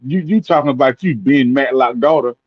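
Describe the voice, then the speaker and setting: A man's voice: medium pitch, a little fast, slightly rough, no room sound. Southern man, dull-sounding mic. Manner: repeats words, says "boy" and "man". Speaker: podcast co-host. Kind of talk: casual chat.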